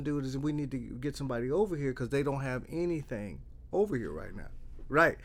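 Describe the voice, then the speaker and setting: Middle-aged male therapist, lively conversational storyteller who voices the dialogue and keeps restarting. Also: medium pitch, brisk. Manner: animated storyteller, acts out dialogue, repeats and restarts. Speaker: trauma therapist.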